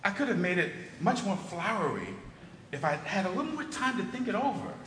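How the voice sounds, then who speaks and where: A gushing, dreamy orphan girl, acted out by a man, her voice leaping very high and swooping wildly. She talks breathlessly in eager rushes. It rings through a big echoing church hall with a long reverb tail. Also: very animated, a bit bright, slight background noise. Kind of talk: dramatic reading in a service.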